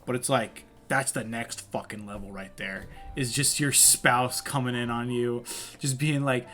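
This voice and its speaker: A man's voice: medium pitch, steady tone, unhurried, pushed and bright, soft background music. A young man co-hosting a casual comedy podcast, swearing, riffing on jokes and giggling often. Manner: crude, giggly, riffs and jokes. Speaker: podcast co-host.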